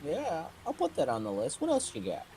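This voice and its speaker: A woman's voice: low voice, huge pitch swings, fairly quick, mellow, slight background noise, poor audio. A woman playing a tabletop game as a player, talking hesitantly and correcting herself. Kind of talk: casual tabletop role-play.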